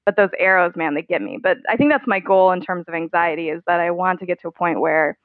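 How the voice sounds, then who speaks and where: A woman's voice: fairly low pitch, fast, dry recording. A woman guest in a podcast interview, talking candidly and chattily with frequent laughs. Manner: candid, chatty, laughs often, many "like" fillers. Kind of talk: conversational interview. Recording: tinny phone-like line.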